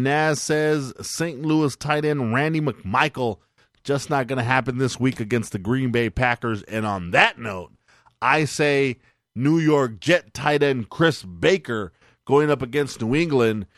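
A man's voice: medium pitch, a little slow, fairly bright tone, no room sound, studio quality. A man co-hosting a casual sports podcast, upbeat and leading each segment. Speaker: podcast co-host.

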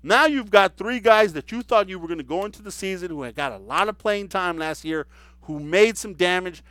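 Man for a solo football talk segment, incredulous and mocking, smooth voice in a dry studio. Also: sits high, a little fast, no room sound. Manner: animated, incredulous, mocking asides. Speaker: sports commentator. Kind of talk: solo football preview commentary.

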